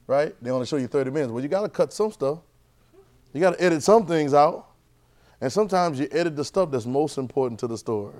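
A man teaching a church Bible class, lively and conversational, repeating phrases and asking the class questions. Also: on the high side, quick pace.

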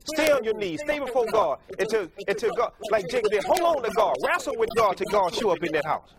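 A man's voice: sits high, big pitch swings, fairly quick, a crowd in the background. A male preacher delivering a sermon in a folksy, repetitive way, often stopping to correct himself and laughing at his own stories. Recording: congregation heard behind.

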